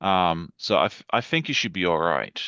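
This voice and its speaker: A man's voice: low-pitched, lively intonation, normal speed, sharp tone, no room sound, highs cut off. A man chatting as a guest on a livestream over a video call, enthusiastic and rambling. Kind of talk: casual livestream chat.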